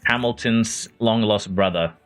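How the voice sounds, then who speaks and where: Low-voiced Norwegian man streaming a game. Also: measured pace, a bit bright, clean tone. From Norway. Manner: chatty, answers viewers by name, chuckles often. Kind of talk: casual gameplay commentary reading chat.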